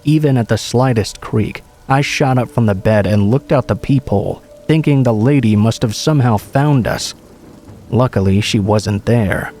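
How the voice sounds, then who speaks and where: A man reading a true horror story aloud in calm, measured scripted narration. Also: mid-range voice, soft background music.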